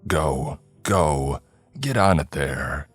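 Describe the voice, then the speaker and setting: A man's voice: a bass voice, expressive, drawn-out words, heavily acted. A man voicing a stern old farmer father with a Southern accent, giving grave, clipped orders in a horror story narration. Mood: urgent. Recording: dry close mic, faint music.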